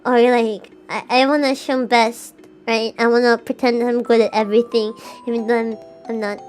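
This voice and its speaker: This young woman, a VTuber, reads super chats in a casual live stream, playful and teasing, often stammering. Her voice is a little high with little pitch movement at a normal speed, and faint music plays underneath.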